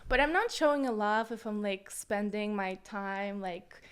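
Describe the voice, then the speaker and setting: A woman's voice: mid-range voice, unhurried, clear, resonant tone. A young woman guest on a podcast, talking candidly and bluntly in casual chat, with lots of fillers.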